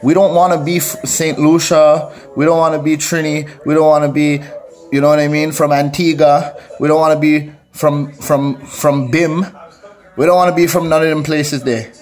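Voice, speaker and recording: A man putting on a boastful fake Jamaican accent with a slow, teasing drawl. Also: fairly high pitch, little pitch movement, a little mellow, natural voice. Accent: put-on Jamaican.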